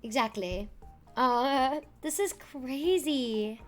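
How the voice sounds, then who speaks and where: A woman's voice: sits high, extremely slow, faint music behind. Chatty young woman streamer. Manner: chatty, joking, frequent laughter and fillers. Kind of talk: live-stream chat reacting to a video.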